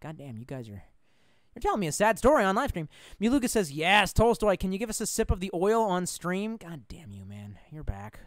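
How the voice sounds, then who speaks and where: A man's voice: high-pitched, sing-song, a little fast, no echo. A man chatting frankly on a live stream, rambling, swearing freely and reading out viewer comments.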